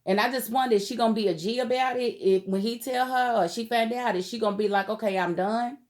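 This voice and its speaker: A woman's voice: on the high side, fairly even intonation, fast talker. A woman from Kentucky giving an emphatic, heated casual vlog commentary on a TV show, speaking in outspoken slang. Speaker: TV show recap vlogger.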